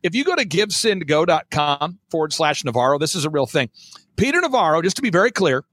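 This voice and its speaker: An energetic male guest on a talk show who talks emphatically and drives his points home by repeating them. His voice sits high and moves in wide, animated swings. The sound is dry and close. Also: no room sound. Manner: emphatic, repetitive, fast-driving.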